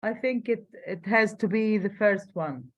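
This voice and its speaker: A woman with an Egyptian accent teaching an English class online, explaining rapidly in Arabic and slowing down for careful English. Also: mid-range voice, rough recording. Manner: switches fast between Arabic and slow careful English.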